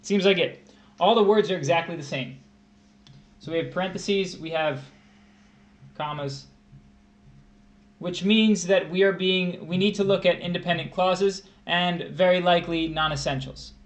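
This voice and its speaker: A man's voice: sits high, moderate pace, long pauses. Young man tutoring aloud, talking it through. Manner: conversational, thinks aloud with restarts and rereads. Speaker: test prep tutor. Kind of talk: livestreamed grammar lesson.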